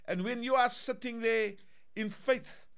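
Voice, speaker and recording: Male pastor, high voice, clear and smooth, fervent repeated declarations in a sermon. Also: steady tone, a little slow, a bit bright.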